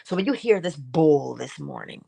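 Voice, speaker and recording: Middle-aged female host, low-pitched, theatrical and insistent, spiritual pep talk. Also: creaky, slightly rough. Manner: expressive, swings between high acted asides and low soft remarks; repeats and exhorts, drawn-out emphasis. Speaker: host of a morning inspiration stream.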